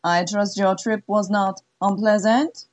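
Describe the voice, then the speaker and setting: A woman's voice: mid-range voice, steady tone, measured pace, close to an everyday voice. A woman voicing a haughty middle-aged French-Canadian brothel madam with a put-on French accent, cool and commanding.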